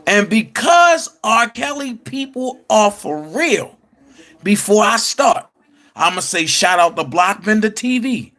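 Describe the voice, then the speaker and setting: A man hosting an online commentary show, speaking in a casual, emphatic way with drawn-out phrases. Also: high-pitched, big pitch swings, sharp tone. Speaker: commentary channel host.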